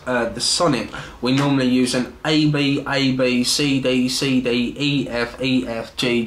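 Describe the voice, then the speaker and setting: Man, casual instructional vlog, chatty, self-deprecating, mid pitch, faint background hiss. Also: a bit bright. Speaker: video tutor.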